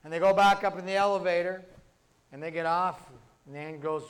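A man's voice: sits high, a little fast. A male pastor telling humorous stories in a sermon, in a conversational, chained storytelling manner. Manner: conversational storytelling, many "and" links.

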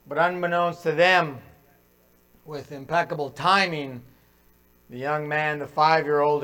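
A male pastor preaching a sermon in a church, telling a story and swinging from loud to hushed. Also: fairly high pitch, clean tone, rough recording.

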